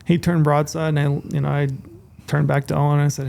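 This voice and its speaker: A man's voice: fairly high pitch, level tone, quick pace, gravelly, a little mellow. A man co-hosting a podcast, telling a long story casually, with restarts and quoted dialogue, on a studio mic. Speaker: podcast co-host.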